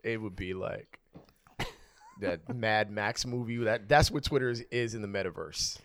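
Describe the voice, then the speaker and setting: A man co-hosting a podcast in casual chat, laughing often and telling stories with lively quoted voices. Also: lowish voice, moderate pace, gravelly. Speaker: podcast co-host.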